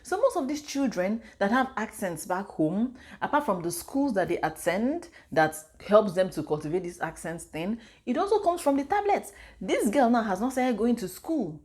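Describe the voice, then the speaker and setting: Nigerian-accented woman, thirties, casual vlog, mid-pitched voice, lively storyteller. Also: normal speed, few pauses. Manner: chatty, animated storytelling with pidgin and Igbo asides. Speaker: vlogger and mother.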